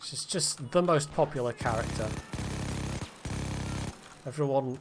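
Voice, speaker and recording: A man's voice: mid-range voice, unhurried, long pauses. A man chatting, swearing and laughing as he commentates his own live gameplay. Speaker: streamer. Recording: noisy game audio behind.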